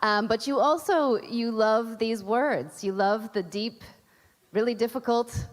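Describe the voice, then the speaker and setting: A woman's voice: on the high side, measured pace. A woman moderating a live panel, chatty and laughing often. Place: large event hall. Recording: reverberant hall on a PA.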